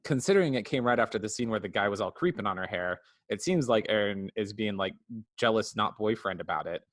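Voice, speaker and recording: A man's voice: lowish voice, fast, dry recording. Chatty man on a dry mic. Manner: animated retelling, acts out characters' lines. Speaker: podcast co-host. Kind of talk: casual podcast review chat.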